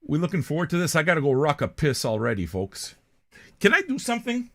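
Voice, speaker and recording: A man's voice: a little high, wildly swooping pitch, fast talker, fairly bright tone. An older man from Canada, hosting a music reaction show in a blunt, profane, rambling monologue.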